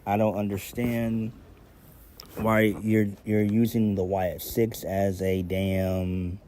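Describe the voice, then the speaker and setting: A man's voice: fairly low pitch, warm tone, slight background noise. A man giving a casual solo review of a wrestling show, blunt and exasperated, swearing freely and talking to his viewers.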